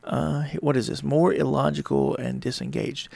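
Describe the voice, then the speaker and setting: Podcast host, male, gravelly with heavy fry, casual and rambling, dry close sound. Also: mid-range voice, little pitch movement, normal speed, darkish tone, no echo. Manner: rambling, conversational, acts out little dialogues. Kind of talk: casual solo talk on relationships.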